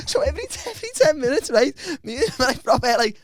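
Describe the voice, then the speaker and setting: Animated young man telling a sweary tale. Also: very high-pitched, fast, no echo. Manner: animated, laughing through his own stories, sweary. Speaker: podcast co-host. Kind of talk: casual comedic storytelling chat.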